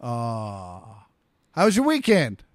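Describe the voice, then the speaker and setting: A man co-hosts a casual podcast, teasing his partner and riffing on silly bits. His pitch jumps around a lot, and his voice sounds dry and close to the mic. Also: wildly swooping pitch, slow pace, no echo. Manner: jokey, playful riffing, sings nonsense. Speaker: podcast co-host. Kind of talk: casual chat.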